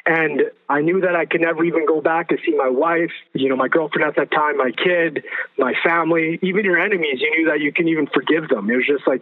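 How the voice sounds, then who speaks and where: As a guest, a man shares his personal testimony earnestly and vividly, repeating phrases for emphasis. His fairly high voice runs a little fast, and the sound is narrow, like a phone.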